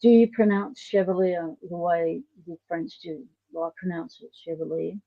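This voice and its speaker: A woman's voice: lowish voice, normal speed, dry recording. An Australian woman hosting a casual livestream, chatting in a rambling way and answering viewer comments. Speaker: livestream host. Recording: dull lo-fi stream audio.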